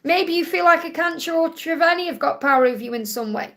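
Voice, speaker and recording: Woman, Stoke-on-Trent accent, high voice, gravelly edge, soothing live-stream spiritual reader. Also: fast, a bit bright. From England. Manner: soothing, reassuring, often adds "okay?".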